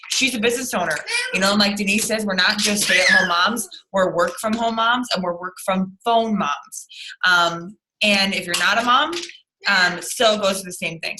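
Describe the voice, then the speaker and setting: An upbeat woman coaching her team over a video call. Her voice is bright and forceful, and her pitch sits in a middle range. She drives each point home by saying it again. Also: poor audio. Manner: upbeat, repeats phrases for emphasis. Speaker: team leader.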